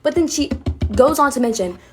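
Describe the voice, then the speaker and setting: Fast, chatty young woman telling a story. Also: high-pitched, animated, soft background music. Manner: chatty, fillers of "like", blunt and sassy. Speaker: vlogger. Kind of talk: casual storytime vlog.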